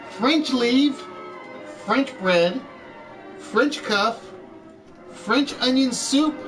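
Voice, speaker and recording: A high-voiced man hosts a chat-based game show, drawing out his announcements with showy flair. He sounds a bit distant from the microphone, and faint music plays underneath. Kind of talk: live-streamed chat game show hosting.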